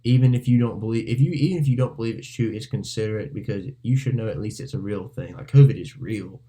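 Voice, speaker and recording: A man co-hosts a casual podcast chat in a mellow, fairly low voice, talking quickly. He rambles and corrects himself while steering the conversation back on topic.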